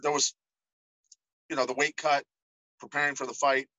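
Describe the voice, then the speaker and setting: A middle-aged man tells stories as a podcast guest, animated and quick to act out the voices of the people he quotes. His voice is bright and forceful, and it sounds dry and close to the mic. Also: mid-range voice, no room sound, dull audio. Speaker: podcast guest, former fighter. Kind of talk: casual storytelling interview.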